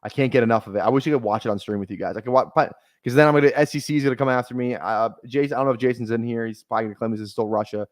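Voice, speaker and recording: Male streamer, casual livestream chat, rambling, self-deprecating humor, mid pitch, dry sound. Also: steady tone, rapid-fire, no echo. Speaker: fantasy football streamer.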